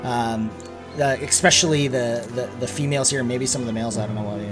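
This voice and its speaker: A man's voice: medium pitch, quick pace, over music. Casual male game master. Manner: casual, filler-heavy descriptions. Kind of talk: narrating a tabletop game.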